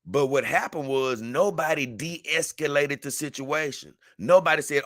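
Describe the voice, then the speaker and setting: A man's voice: fairly high pitch, measured pace, hardly any pauses, a bit bright, no room sound, studio quality. A man, talking casually to camera and telling a story earnestly, rambling with many restarts. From Memphis, Tennessee. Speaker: vlogger.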